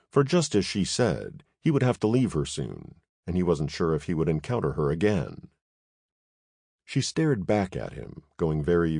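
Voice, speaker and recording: A man reading an audiobook as narrator, in an expressive, measured narration. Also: deep voice, no room sound, clean studio sound. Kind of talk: scripted narration.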